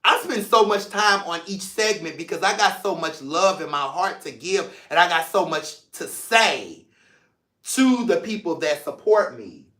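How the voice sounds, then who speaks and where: A man hosting a show, speaking to viewers in an emotional, expressive way with playful asides. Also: sits high, unhurried, echoey room. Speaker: host. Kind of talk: heartfelt personal talk to viewers.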